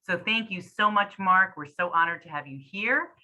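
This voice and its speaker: A woman's voice: lowish voice, normal speed, pushed and bright, rough recording. A woman hosting an event, reading a formal, welcoming introduction of a speaker. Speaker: event host.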